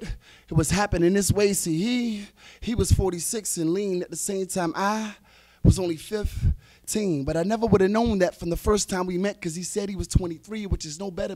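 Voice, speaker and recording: A man performing spoken-word poetry on a live slam stage, dramatic and swinging from hushed to loud. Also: sits high, no echo, clean studio sound. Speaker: slam poet.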